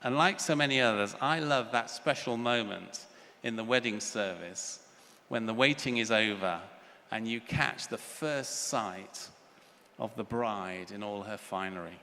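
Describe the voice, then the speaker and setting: Pushed and bright in tone, this older man's fairly low voice runs a little slow as he gives an earnest plenary conference lecture. He tells stories, putting on child voices, in a large hall that sounds reverberant with faint ambience.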